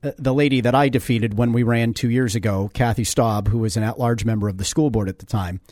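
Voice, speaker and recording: A man's voice: medium pitch, fairly even intonation, quick pace, darkish tone, dry recording. A man hosting a casual radio interview show from a studio, teasing his guest and reading sponsor copy.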